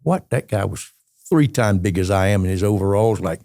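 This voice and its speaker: An elderly man with a Southern US accent tells colorful, rambling stories as a podcast guest. His voice is low, dark and gravelly. The recording is close and dry. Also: animated, normal speed, dry recording. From Georgia, USA. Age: 80s. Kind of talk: storytelling interview.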